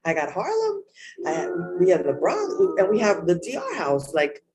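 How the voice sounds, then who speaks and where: A woman's voice: lowish voice, sing-song, normal speed, low-quality recording. A woman preaching a raw, emotional sermon, candid and searching for words. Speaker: spiritual leader. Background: music.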